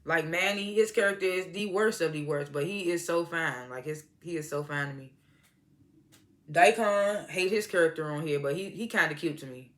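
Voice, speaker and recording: Recapping a TV episode in a relaxed review, a woman speaks at a moderate pace in a low, slightly bright voice. She laughs a lot as she replays scenes in quoted voices.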